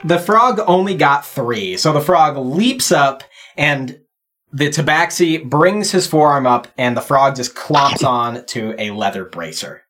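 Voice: medium pitch, unhurried, slight background noise. Laughing game master narrating a tabletop game. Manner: laughing often, animated narration.

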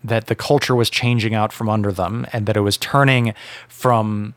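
Measured, opinionated podcast man. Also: lowish voice, fairly even intonation, a bit bright, dry recording. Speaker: podcast co-host. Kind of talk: casual podcast conversation.

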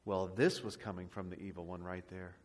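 A man preaching a sermon as pastor, with a booming voice that swings between loud and quiet. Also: level tone, fairly quick, in a large hall. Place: church sanctuary.

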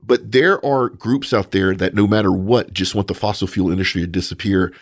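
A man hosting a podcast, giving opinionated, animated commentary on industry news in casual chat. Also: deep voice, fairly quick, dry recording. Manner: opinionated, animated, mocking asides. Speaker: podcast host.

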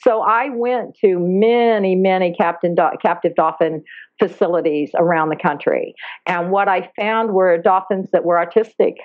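Woman guest, animated and earnest, phone-quality line. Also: lowish voice, moderate pace, no echo. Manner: earnest and animated, laughs easily. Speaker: guest, dolphin therapy program founder. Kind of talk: casual interview talk. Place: lives in Hawaii. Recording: phone-line sound, dry.

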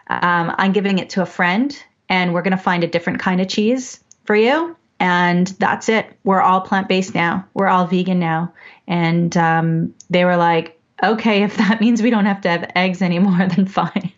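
A woman, probably in her thirties, is a guest on a podcast and tells family stories in an animated way, acting out her kids' voices. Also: on the low side, highs cut off. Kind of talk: casual interview chat.

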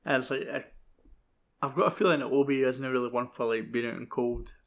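Male co-host, laid-back and agreeable, middle pitch. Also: brisk, gravelly, fairly bright tone. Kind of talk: casual film discussion.

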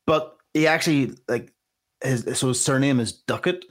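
A man co-hosts a casual podcast. His mid-range voice is relaxed and anecdotal, with a few hesitant starts along the way. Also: mid-range voice, normal speed. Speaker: podcast co-host. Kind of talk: casual chat.

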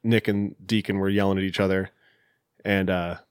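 A man's voice: low voice, little pitch movement, moderate pace, clear, resonant tone, no echo, studio quality. A man co-hosting a podcast, casually retelling film scenes and briefly mimicking the characters' lines. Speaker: podcast co-host.

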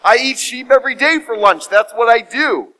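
A man's voice: very high-pitched, lively intonation, moderate pace, pushed and bright, voice pushed up, exaggerated voice. A man voicing an indignant male lion who bluntly defends eating meat in a sermon story. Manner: indignant, matter-of-fact.

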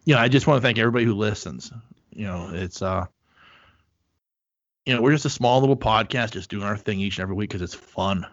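A man's voice: fairly low pitch, quick pace, no room sound, highs cut off. A middle-aged man hosting a podcast, chatting casually with lots of fillers and swearing. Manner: rambling, profane, lots of fillers. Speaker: podcast host. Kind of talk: casual chat.

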